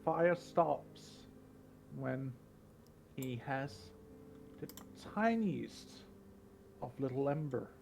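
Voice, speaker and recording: A slow-talking man narrates a tabletop game as game master, his voice gravelly and unhurried. He describes the action with plenty of small fillers. A faint hiss sits under the recording. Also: mid-range voice, animated, darkish tone.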